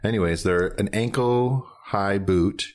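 A man with a very deep, low-pitched voice talks casually as a podcast co-host and stylist. He sounds easygoing and keen, and he keeps softening his phrases with "like" and "you know". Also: measured pace. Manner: easygoing, enthusiastic, hedging with "like". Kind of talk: casual chat.

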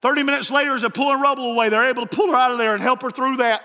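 A man preaching a sermon as pastor, telling stories and moving between quiet asides and raised fervor. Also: very high-pitched, steady tone, rapid-fire. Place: church sanctuary. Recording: church sanctuary with long reverb.

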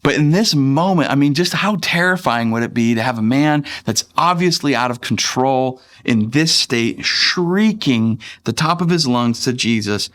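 A man's voice: medium pitch, lively intonation, moderate pace, few pauses, fairly bright tone. A man in his thirties, a pastor, preaching a sermon in a conversational, playful way and acting out voices from the scripture.

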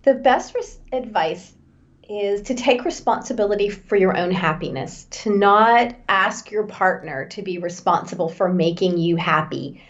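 Brief: female author as podcast guest, thoughtful and earnest, mid-pitched voice, muffled lo-fi audio. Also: expressive, a little slow. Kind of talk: interview answers.

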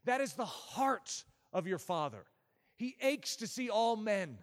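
A man preaching a sermon in an emphatic, animated way, often dropping low to voice God's replies. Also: a little slow, in a large hall.

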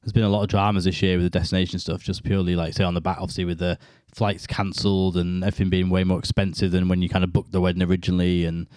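A man hosting a casual interview, easygoing and relaxed, laughing along with his guest. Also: low voice, racing, few pauses, clear, resonant tone, dry recording, studio quality. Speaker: podcast host.

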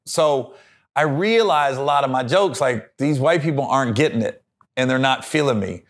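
A man's voice: mid-range voice, moderate pace. A comedian telling stories in casual podcast chat, acting out voices and laughing as he goes. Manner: animated storyteller, acts out voices and laughs. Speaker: comedian guest.

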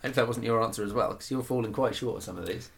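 A man's voice: medium pitch, very fast, vocal fry. A man co-hosting a casual chat show, reading out listener comments in a teasing, wry way and laughing often. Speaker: podcast co-host.

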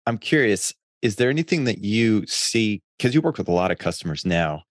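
A man's voice: on the low side, very animated, a little fast, no room sound, clean studio sound. A man hosting an interview podcast, asking his questions in a friendly, curious way. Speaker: podcast host. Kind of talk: casual interview talk.

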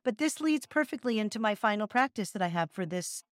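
A middle-aged woman co-hosts a relaxed podcast, explaining a practice in an earnest, chatty way and chanting short syllables. Her voice sits at a middling pitch. The recording is close and completely dry. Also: fairly quick, dry recording. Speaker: podcast co-host and yoga teacher. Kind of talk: casual chat.

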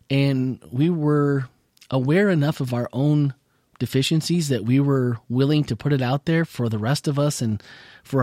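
A man's voice: medium pitch, darkish tone, no echo, studio quality. A man hosting a casual podcast chat, still recovering from losing his voice, rambling and chuckling as he talks. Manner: rambling, self-correcting, chuckles often. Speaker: podcast host.

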